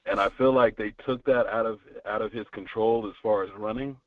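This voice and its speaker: A man's voice: on the low side, steady tone, fairly quick, no room sound, recorded from a distance. A man calling in to a sports show, frustrated and stumbling over repeated words. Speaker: caller. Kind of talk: call-in sports talk. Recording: tinny, breaking-up phone line.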